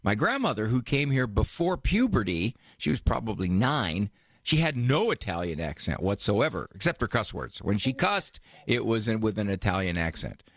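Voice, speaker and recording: A man's voice: on the low side, very animated, moderate pace, no echo, clean studio sound. A man hosting a radio call-in advice show, joking and teasing his caller. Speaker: radio host, advice doctor.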